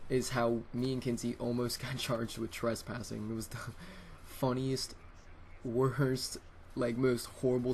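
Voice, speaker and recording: A teenage man hosting a gaming channel, telling a casual storytime in a rambling, excitable way with many restarts, on a USB desktop microphone. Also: medium pitch, slight background noise.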